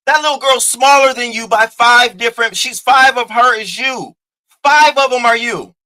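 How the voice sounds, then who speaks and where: Profane high-voiced man lecturing. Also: moderate pace, pushed and bright, poor audio. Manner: blunt, profane, mocking, lecturing. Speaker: commentary host. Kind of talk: reaction commentary.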